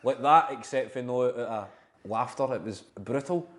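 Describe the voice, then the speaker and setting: A man's voice: medium pitch, unhurried. Chatty Scottish man telling stories. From Scotland. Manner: anecdotal, animated storytelling with laughs. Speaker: guest comedian. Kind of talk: casual chat.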